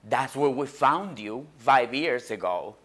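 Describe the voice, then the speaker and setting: A woman's voice: very deep voice, animated, slow, fairly bright tone, slight background noise, pitched below the performer's own voice, heavily acted. Woman playing a sly teasing older brother. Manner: sly, mock-serious teasing.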